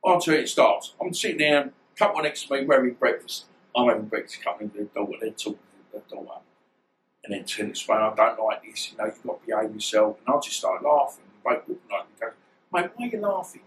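A man, telling stories in an interview in a rambling, animated way and acting out the dialogue. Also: fairly low pitch, fast, a little hiss or hum, poor audio. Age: 50s. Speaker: guest, former boxer. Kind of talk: storytelling interview.

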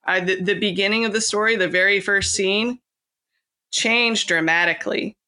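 Bright-voiced chatty woman author. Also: medium pitch, fairly even intonation, moderate pace. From California. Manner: chatty, laughing, many fillers and restarts. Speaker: author guest. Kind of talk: casual interview chat.

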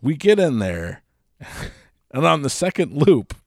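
A man's voice: on the high side, big pitch swings, unhurried, dry recording, clean studio sound. A man telling a funny story in a casual chat, laughing as he goes.

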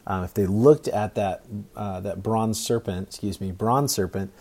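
A man preaching a sermon in a conversational, halting way with many restarts. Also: lowish voice, a little mellow. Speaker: pastor.

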